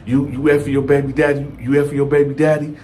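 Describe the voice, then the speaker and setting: A man's voice: medium pitch, level tone, fast, mellow, a little hiss or hum, close to an everyday voice. Man doing a jealous, accusing husband. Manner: accusing, repeats questions, slangy. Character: jealous, insecure, abusive husband.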